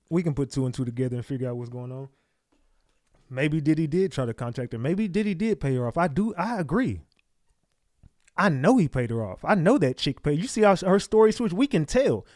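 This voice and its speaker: A man's voice: high voice, no echo. A man hosting a casual livestream, talking over gossip and firing rhetorical questions at viewers. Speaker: livestream host.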